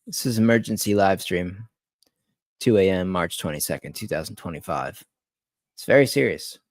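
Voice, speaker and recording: Agitated, swearing sports-betting streamer. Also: male voice, sits low, normal speed, no echo, clean studio sound. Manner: agitated, swearing, repeats words. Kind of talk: late-night live stream rant.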